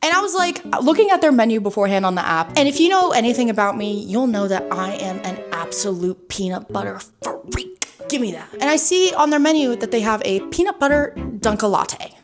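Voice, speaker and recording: A woman's voice: on the high side, animated, fairly quick, hardly any pauses, music in the background. A young woman vlogging in a casual, chatty way. She tells stories with energy and says "like" a lot. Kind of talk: casual chat.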